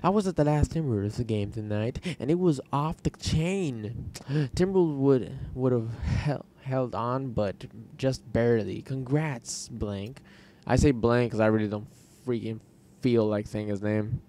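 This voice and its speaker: A man's voice: medium pitch, unhurried, warm tone, slight background noise. A young man casually commentating his basketball video game, rambling, sarcastic and profane. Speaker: gaming channel host.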